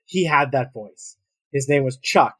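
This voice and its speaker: A man's voice: mid-range voice, animated, unhurried, a bit bright, slightly rough. A man from the Los Angeles area telling a story on a podcast, profane and joking. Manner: profane, laughing. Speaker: podcast co-host. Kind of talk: casual storytelling.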